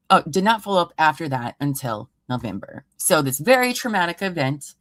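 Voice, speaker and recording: A woman's voice: sits low, no echo. A woman hosting a true crime livestream from home, reading a report aloud and breaking off into sarcastic, exasperated asides. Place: home room.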